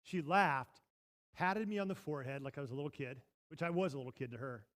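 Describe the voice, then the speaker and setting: A man preaching a sermon as pastor, telling a story in a lively way that jumps from loud bursts to hushed asides. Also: a little high, quick pace. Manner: animated, swings from loud to hushed. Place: church sanctuary.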